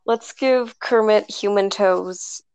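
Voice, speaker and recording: A woman's voice: mid-range voice, slow, darkish tone, slight background noise, rough recording. A young woman chatting as a guest on a podcast call, giggling and filling gaps with "like" and "um". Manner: giggly, full of fillers. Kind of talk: casual group call chat. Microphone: online voice call.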